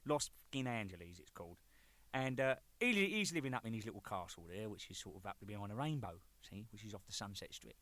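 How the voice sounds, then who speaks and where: A man's voice: on the low side, expressive, fast talker, a bit bright, no room sound. A man in his thirties telling cheeky, rambling anecdotes as a band drummer, with lots of swearing. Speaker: band drummer presenting a record. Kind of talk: jokey rambling monologue.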